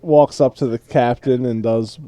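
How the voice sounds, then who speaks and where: A man narrating as game master of a tabletop role-playing game, scolding the players in a gruff, mock-angry way. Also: medium pitch, fairly even intonation, a little slow, mellow.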